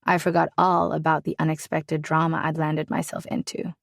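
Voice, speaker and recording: Low-voiced woman narrating a romance. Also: level tone, normal speed, gravelly, dry recording, clean studio sound. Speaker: audiobook narrator. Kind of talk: scripted first-person narration.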